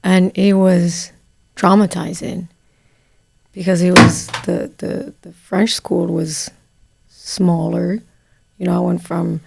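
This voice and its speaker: Gravelly low-voiced woman host. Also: level tone, a little mellow, no echo. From Morocco. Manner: reflective, unhurried storytelling with fillers. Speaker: podcast host. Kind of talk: casual conversation.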